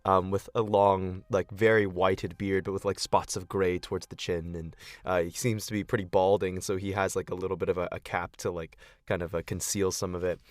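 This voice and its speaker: A man's voice: low-pitched, little pitch movement, brisk, few pauses, dry recording, clean studio sound. A man narrating a tabletop game as game master, rambling with lots of fillers.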